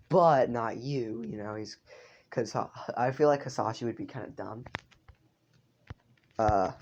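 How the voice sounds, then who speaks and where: Gravelly, rambling male storyteller. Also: medium pitch, a little mellow, lo-fi sound. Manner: rambling, profane, breaks off for asides. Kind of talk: casual improvised storytelling.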